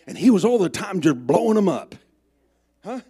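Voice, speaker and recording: A male pastor preaching a sermon at a church service, out of breath, shouting at the peaks and dropping to whispers. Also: sits high, very animated, moderate pace, slightly rough.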